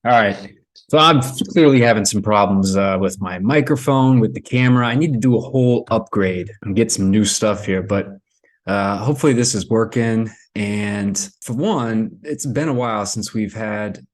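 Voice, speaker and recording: A man's voice: fairly low pitch, normal speed. A man giving casual commentary to camera as a vlogger, rambling as he explains things. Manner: rambling, with many fillers and restarts. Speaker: crypto vlogger.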